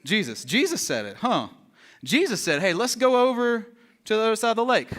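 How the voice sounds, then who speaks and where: Young male pastor, high and bright, animated storyteller in the pulpit. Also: brisk. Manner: animated storytelling, acting out voices. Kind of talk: sermon.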